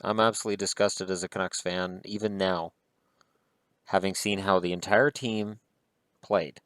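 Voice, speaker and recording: A man's voice: low voice, steady tone, normal speed, fairly bright tone, dry recording. A man vlogging about hockey, talking in a heated, blunt and profane way. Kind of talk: casual opinion rant.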